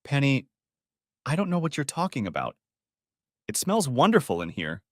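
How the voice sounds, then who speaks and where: A woman's voice: extremely low pitch, huge pitch swings, moderate pace, darkish tone, no echo, studio quality, voice pushed up, exaggerated voice. A man voicing a middle-aged mother, fussy and doting, coaxing her daughter. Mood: puzzled.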